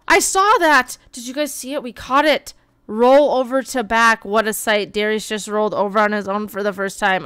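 Woman streamer with a smooth voice. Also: medium pitch, no room sound, clean studio sound. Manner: animated, bursts of exclaiming and quick read-outs. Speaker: game streamer. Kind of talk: live gameplay commentary.

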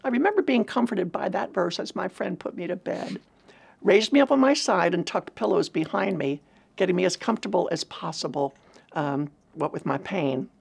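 Gravelly, husky woman telling her story. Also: on the low side, moderate pace. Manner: earnest, reflective storytelling. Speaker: speaker at a women's ministry event. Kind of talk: personal testimony talk.

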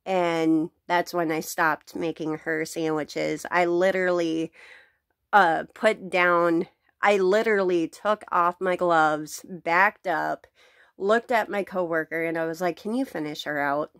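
A woman's voice: fairly low pitch, steady tone, slow, fairly bright tone, no room sound, studio quality. A woman venting bluntly to camera about her day, swearing freely and laughing between sentences, recorded at home. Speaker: vlogger. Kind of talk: casual venting rant to camera.

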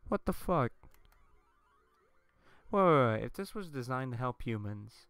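A young man narrating his own gameplay with a gravelly edge. His voice is lively and jumps around in pitch, and he rambles, swears constantly, and gets frustrated quickly. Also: dry recording. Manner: profane, rambling, easily frustrated. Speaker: let's play host. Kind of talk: let's play commentary.

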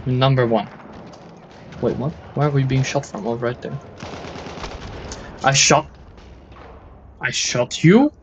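A man's voice: medium pitch, slow, long pauses, a little hiss or hum. A man playing a shooter game and commenting with exasperated, swearing jokes, sometimes slipping into mock German. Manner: exasperated, swearing, joking complaints; switches into mock German and Dutch. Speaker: gaming video host. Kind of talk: let's play commentary.

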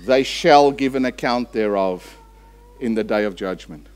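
A man preaching a sermon as pastor, building to loud emphatic peaks and then dropping low and slow for effect. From Australia.

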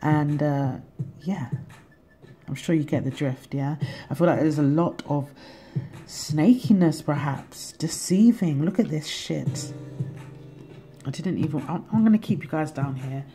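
A woman's voice: sits low, unhurried, warm tone, soft background music. A woman giving a casual tarot reading to her viewers, chatty and profane, laughing often. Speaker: tarot reader.

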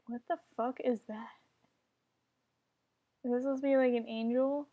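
A woman's voice: a little high, steady tone, normal speed, mellow. A young woman giving casual commentary while playing an online game, often frustrated and swearing at other players. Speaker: gamer.

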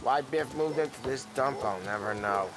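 An actor playing a tough, streetwise 1930s gangster in a video game, talking in clipped lines. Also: male voice, mid-range voice, normal speed, close to an everyday voice, rough recording. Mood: gruff. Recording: game audio with loud music.

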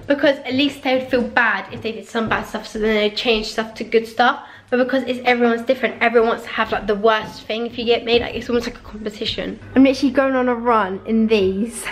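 A young woman talks to her camera in a casual, chatty vlog. Her voice sits high, and she complains playfully and keeps things animated. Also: a little hiss or hum. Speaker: vlogger. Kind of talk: casual chat.

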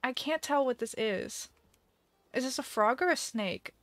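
A woman's voice: sits high, a little slow, fairly bright tone, no echo. A young woman live-streaming a video game, chatting casually with a giggly, dramatic manner and mock panic.

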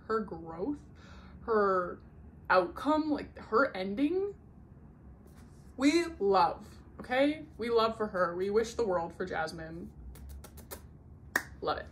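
A woman talks through her recent reads in a loose, casual chat. She peppers her sentences with "like" and breaks into laughter as she recounts what happens in each book. A faint hiss sits under her voice. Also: fairly high pitch. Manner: chatty, many "like" fillers, laughs while retelling plots. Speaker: book vlogger.

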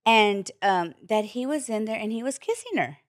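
A woman's voice: a little high, animated, moderate pace, no echo, clean studio sound. A woman guest on a podcast, telling a personal story candidly, acting out the voices she quotes and swearing freely.

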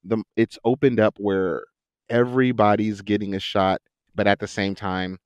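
A man who works as an actor and voice actor, chatting in a podcast interview, telling stories with lots of laughter and quick impressions. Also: on the low side, clean tone, no echo. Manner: animated storyteller, laughs often, jumps into quoted voices. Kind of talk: casual interview chat.

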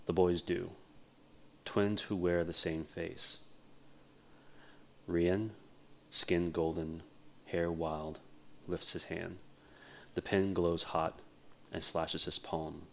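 A man doing a casual cold read of a novel on a livestream, chatting in a relaxed way between passages. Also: sits low. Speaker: livestream book reader.

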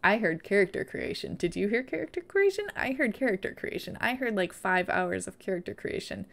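A woman's voice: mid-range voice, very animated, fairly quick, gravelly, a bit bright. A woman chatting casually and playfully on a live stream, now and then baby-talking to her dog.

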